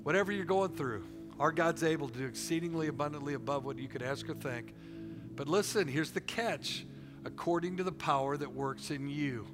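A middle-aged man preaching a sermon, animated and repetitive, telling stories between points. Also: on the high side, fairly quick, music in the background.

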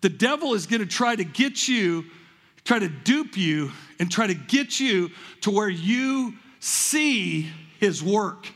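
High-voiced husky preacher in a big echoing hall. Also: male voice, slow pace. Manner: animated storytelling, repeats words, acts out with congregation. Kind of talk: energetic sermon with stories. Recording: long hall reverb, large room.

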